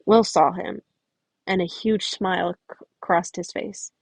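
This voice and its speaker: A woman's voice: fairly low pitch, steady tone, a little slow, breathy edge. A woman reads a fan story aloud on a close home mic. She trips over words and restarts phrases, breaking off for chatty asides. The sound is completely dry, with no room echo. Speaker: podfic reader. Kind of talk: reading fan fiction aloud.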